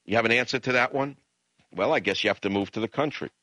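A man hosting a talk radio show, delivering a blunt, combative rant with sudden jumps in pitch. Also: fast, pushed and bright, no echo, poor audio. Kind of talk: political talk radio monologue.

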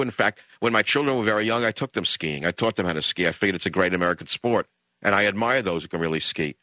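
An older man from the Bronx, hosting a radio talk show in an impassioned, emphatic monologue that swings into high, mocking rants. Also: pushed and bright, no echo. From the Bronx, New York.

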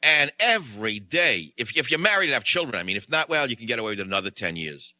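A man's voice: medium pitch, sing-song, fast talker, sharp tone, no room sound. A man hosting a talk show, telling a comic, rambling anecdote into a studio microphone. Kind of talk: comic storytelling monologue.

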